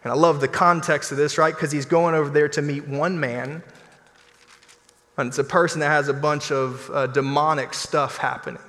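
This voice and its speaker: A man preaching a sermon as pastor, in an animated, conversational style with playful asides. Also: fairly high pitch, normal speed. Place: church sanctuary. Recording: long church hall reverb.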